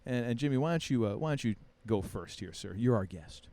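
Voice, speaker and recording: Animated male podcast host. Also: medium pitch, fairly quick. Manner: animated, playfully contrarian, many restarts. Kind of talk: casual podcast chat.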